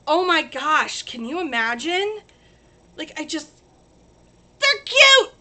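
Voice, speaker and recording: Bubbly, bright-voiced woman crafter. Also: high voice, measured pace. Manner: gushing, excitable, chatty. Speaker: crafting livestream host. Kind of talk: casual crafting livestream.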